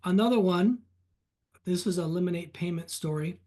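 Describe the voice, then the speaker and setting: A man's voice: sits high, a little fast. Man telling client stories animatedly. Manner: animated anecdotes, retelling client conversations. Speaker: reverse mortgage specialist, guest. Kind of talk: storytelling in a podcast interview.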